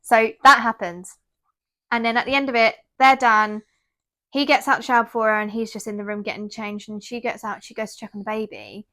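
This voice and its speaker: A woman's voice: a little high, fairly even intonation, brisk, fairly bright tone. Chatty woman retelling a book. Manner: chatty retelling, quotes characters. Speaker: podcast co-host. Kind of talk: casual book chat.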